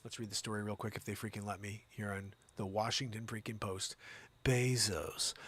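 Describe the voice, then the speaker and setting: A man with a medium-pitched voice hosts a live-streamed comedy news show, talking briskly in a recording with no echo. He's rambling and sarcastic, jumping between loud reading and muttered asides.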